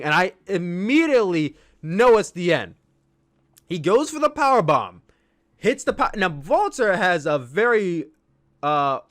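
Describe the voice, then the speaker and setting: Excitable male wrestling reviewer, dry mic. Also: a little high, no echo. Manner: enthusiastic, rambling, excitable outbursts. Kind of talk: casual solo review.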